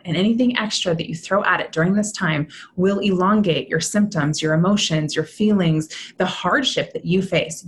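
A woman in her thirties talks as a podcast guest, with a somewhat low voice. She explains in a chatty, upbeat way, often adding "right?" to keep her listener with her. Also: a little hiss or hum. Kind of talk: podcast conversation.

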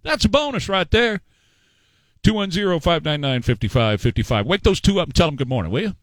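A man hosting a talk radio show, talking in an animated, repetitive, folksy way. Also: a little high, brisk, dry recording, poor audio.

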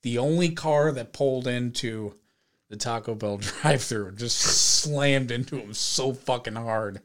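A young man hosting a podcast, telling a story in casual chat with lots of swearing and loud acted-out quotes. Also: mid-range voice, measured pace. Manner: animated, profane storytelling with shouted quoted voices. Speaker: podcast host.

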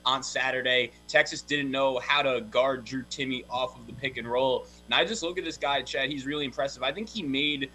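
A man giving college basketball analysis on a podcast in a steady, informative manner. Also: medium pitch, moderate pace, few pauses, rough recording. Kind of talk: sports analysis.

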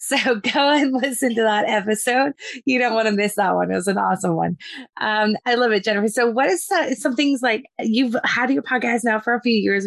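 A woman's voice: medium pitch, creaky, dry recording, clean studio sound. A woman hosting a podcast interview, upbeat and bubbly as she asks questions. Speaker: podcast host. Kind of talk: casual interview chat.

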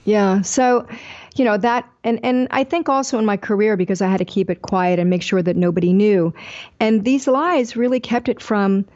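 Older woman, author guest, candid and animated storyteller, mellow tone, lo-fi sound. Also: mid-range voice, moderate pace. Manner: animated, acts out quoted dialogue.

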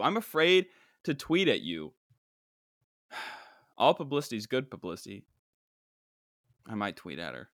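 Podcast host, young man, animated comic disbelief, dry sound. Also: medium pitch, unhurried, pauses often, no echo. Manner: incredulous, animated, mock-exasperated. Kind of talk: casual comedic reaction.

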